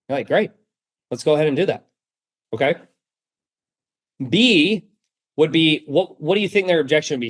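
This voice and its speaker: Blunt, emphatic male sales coach. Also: fairly high pitch. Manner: blunt, emphatic, acts out customer dialogue. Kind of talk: sales training talk.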